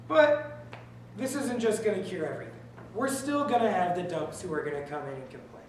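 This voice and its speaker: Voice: medium pitch, animated, a little fast. Young adult, earnest prepared speech, pool staff talk, distant mic, echoey room. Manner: earnest, tells a joke then urges the listeners. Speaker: speaker addressing pool staff. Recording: echoey room, from far off, faint noise.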